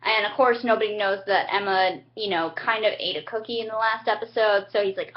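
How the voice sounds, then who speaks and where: A young woman giving a chatty, casual recap of a TV episode, acting out the characters' lines with sudden high-pitched jumps. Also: fairly even intonation, a little fast, few pauses. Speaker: TV recap vlogger. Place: home, indoors. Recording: dull lo-fi home webcam audio.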